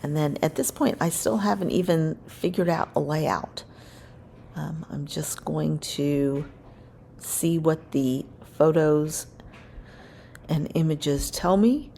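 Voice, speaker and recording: A woman's voice: sits low, slow pace, slight background noise. A woman narrating her scrapbook crafting in a casual voice-over, rambling and correcting herself as she goes. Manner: rambling, self-correcting, relaxed.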